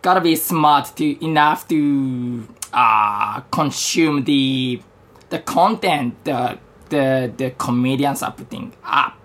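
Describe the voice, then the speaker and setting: Male stand-up guest, slow deliberate delivery, hesitant with frequent restarts. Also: mid-range voice, fairly bright tone. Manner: measured, halting, many restarts. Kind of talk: casual interview chat.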